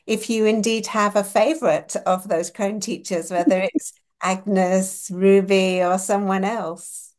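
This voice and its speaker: A woman's voice: medium pitch, steady tone, measured pace, darkish tone. Woman host asking questions. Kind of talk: interview questions.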